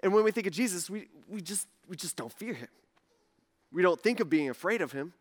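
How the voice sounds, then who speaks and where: A man's voice: high-pitched, expressive, fairly quick. A man preaching a sermon in a casual, conversational way, acting out the lines of the people in his story. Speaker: pastor.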